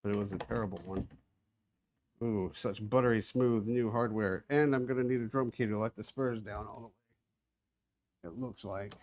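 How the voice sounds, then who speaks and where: A man's voice: on the low side, fairly even intonation, normal speed, long pauses, darkish tone, slight background noise. A man hosting a casual live stream, chatting and narrating what he is doing as he moves around a carpeted room. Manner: chatty, narrating his own hands-on tasks, moving around the room. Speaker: livestream host. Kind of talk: casual live-stream chat while working. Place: indoor room with carpeted floor.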